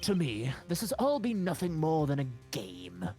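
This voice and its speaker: Brief: woman voicing an arrogant old villain in a fan game dub, lordly, slow and smug, pitched low with swooping inflection. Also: wildly swooping pitch, warm tone, soft background music. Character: arrogant older male ambassador villain.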